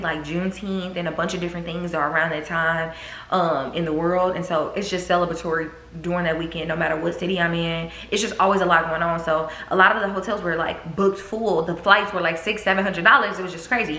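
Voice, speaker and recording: A woman, telling a storytime vlog with swearing and acted-out quotes. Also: lowish voice. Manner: animated, swearing, acts out quotes. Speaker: vlogger. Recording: echoey room.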